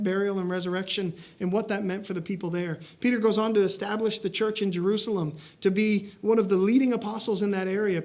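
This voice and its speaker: A man preaching a sermon, telling a story with lively acted-out dialogue. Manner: animated storytelling, acting out dialogue with rising pitch.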